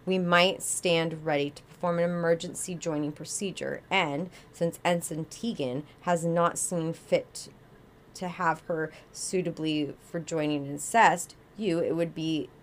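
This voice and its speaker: Woman reading out a stiff vulcan officer lady, low voice, formal and clipped, no feelings. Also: steady tone, a little slow, a little hiss or hum. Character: stern logical female Vulcan officer.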